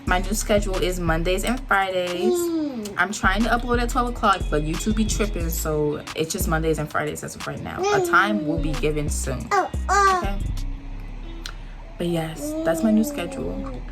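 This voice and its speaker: A woman's voice: on the low side, lively intonation, normal speed, loud music behind the voice. A young woman, a college student, giving chatty and emphatic advice in a casual vlog. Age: young adult.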